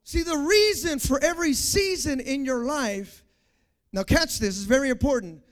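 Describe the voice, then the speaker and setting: A young male preacher with a very high voice delivers a sermon in call-and-response style. He repeats key lines and asks the congregation to say words back to him. His delivery swings from quiet, confiding talk to full shouts. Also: normal speed. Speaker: pastor.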